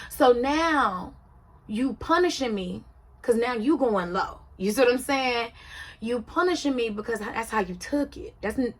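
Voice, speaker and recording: A woman with a slightly high, expressive voice speaks a little slowly as she casually comments on a reality show. Her delivery is emphatic and conversational, and she keeps asking "you see what I'm saying" to make sure the listener follows.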